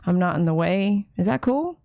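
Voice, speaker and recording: A woman's voice: on the low side, expressive, normal speed, gravelly, no echo, narrow, tinny audio. A woman dog groomer hosting a casual live watch party, chatting with viewers and reading their comments aloud. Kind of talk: casual live-stream chat.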